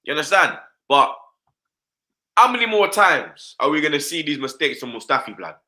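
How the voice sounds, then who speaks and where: A man rants about football on a live stream, his voice very bright and ringing, pitched a bit high. He fills every thought with street slang and keeps asking "you understand?". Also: moderate pace. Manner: animated slangy rant, repeats "blood" and "you understand". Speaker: football fan pundit.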